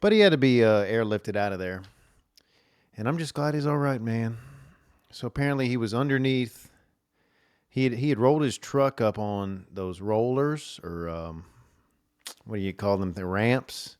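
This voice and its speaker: A man's voice: mid-range voice, moderate pace, long pauses, a little mellow, clean tone, dry recording, studio quality. Man rambling on his podcast. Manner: rambling storytelling with many fillers and restarts. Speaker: podcast host. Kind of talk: casual solo podcast monologue. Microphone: camera recording at a desk.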